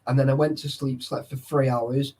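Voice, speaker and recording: A man's voice: medium pitch, flat delivery, moderate pace, dark tone, breathy edge. A young man chatting casually with live viewers, tired and sleepy, swearing often and greeting chatters by name. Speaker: livestreamer.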